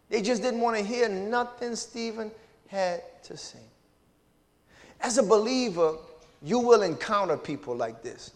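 A man's voice: sits high, big-room sound. A man preaching a sermon, sprinkling his points with hallelujahs and amens and calling out to the congregation. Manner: call-and-response preaching with frequent hallelujahs and amens. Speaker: pastor. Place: church sanctuary.

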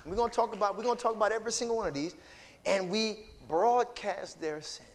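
A male pastor preaches in a church, calling out to his congregation and swinging from loud to hushed. His voice sits high. Long reverb trails every line. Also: quick pace. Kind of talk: sermon. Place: church sanctuary.

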